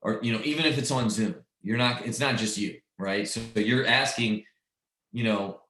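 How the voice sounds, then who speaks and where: A man's voice: on the low side, moderate pace, pushed and bright. Emphatic male trainer in an echoey room. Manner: emphatic, checks in with frequent "right?". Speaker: sales trainer. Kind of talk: coaching a training session.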